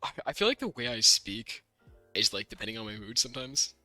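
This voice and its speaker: Young American man, podcast co-host; very bright, dry-miked, rambling and restarting. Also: mid-range voice, sing-song, no echo, faint music behind. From United States. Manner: rambling, many restarts, fast bursts. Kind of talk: casual chat.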